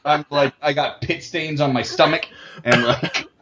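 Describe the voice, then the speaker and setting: A man's voice: fairly high pitch, measured pace, a loud crowd. A man co-hosting a casual podcast, rambling through crude jokes and laughing often. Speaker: podcast co-host. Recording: dull lo-fi mic with faint hiss.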